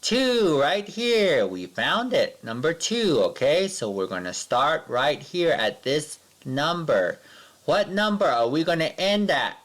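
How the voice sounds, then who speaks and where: A man teaching a remote math lesson to small children, with a fairly high voice that leaps up and down in a lively sing-song. He talks slowly and patiently and stretches out the numbers as he counts along with his pupils.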